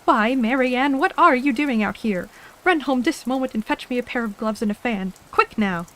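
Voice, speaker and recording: A woman's voice: sits high, a little fast, voice pushed up, natural voice, low-quality recording. Woman doing a fretful fussy rabbit, whispered role-play. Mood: angry. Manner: fretful, muttering, bossy. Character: anxious fussy male rabbit.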